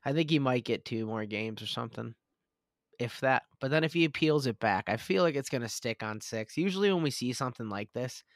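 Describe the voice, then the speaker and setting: A man's voice: medium pitch, lively intonation, brisk, no echo. Man, podcast co-host, casual sports chat, opinionated, easy laugh, dry close sound.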